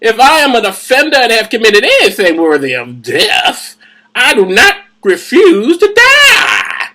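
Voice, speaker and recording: A man voicing the apostle Paul as a pleading, whiny grown man in a slow, melodramatic reading. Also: very high voice, wildly swooping pitch, bright, forceful tone, voice pushed up, heavily acted.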